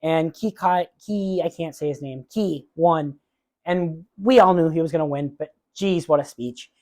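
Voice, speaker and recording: A man's voice: a little high, a little slow, dark tone. Chatty opinionated male movie podcaster. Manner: opinionated, frequent "um" fillers; openly emotional about awards moments. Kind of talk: casual solo podcast chat.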